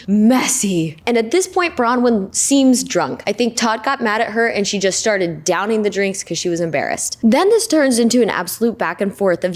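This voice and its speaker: A woman's voice: medium pitch, expressive, normal speed, hardly any pauses. A woman hosting a casual recap, dramatic and sarcastic, with swearing. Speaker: host.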